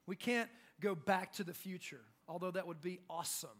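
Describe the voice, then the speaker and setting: High-voiced animated male preacher. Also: brisk. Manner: animated, acts out shouted quotes. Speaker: pastor. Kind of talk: sermon.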